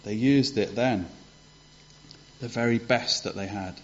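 A man's voice: on the low side, unhurried. A man retelling a parable in a conversational way for a congregation, asking rhetorical questions, on a dull lo-fi recording. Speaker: preacher giving a children's talk.

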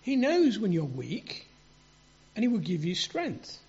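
Earnest halting male preacher, high husky voice. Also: huge pitch swings, a little mellow. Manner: earnest, halting with many repeats and restarts. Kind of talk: sermon. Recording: dull lo-fi sound.

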